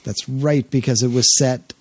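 A man's voice: medium pitch, steady tone, normal speed, a little mellow, dry recording. A man co-hosting a casual podcast, chatting in a rambling way with frequent restarts and asides. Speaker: podcast co-host. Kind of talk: casual chat.

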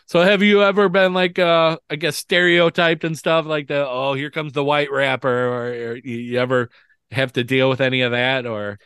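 A man's voice: a little high, flat delivery, moderate pace, a bit bright, clear, resonant tone, no echo, studio quality. A man interviewing a guest in casual chat, laid-back, laughing often and talking with many fillers.

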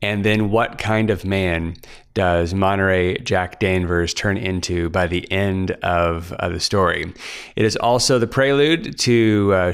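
A man promoting his book casually, speaking slowly with many filler pauses. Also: fairly low pitch, clear, resonant tone. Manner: slow, with frequent filler pauses.

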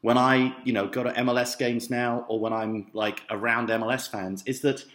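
A man's voice: medium pitch, little pitch movement, moderate pace, a bit bright, reverberant. A man co-hosting a podcast, teasing his partner in playful, casual banter. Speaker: podcast co-host. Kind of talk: casual chat.

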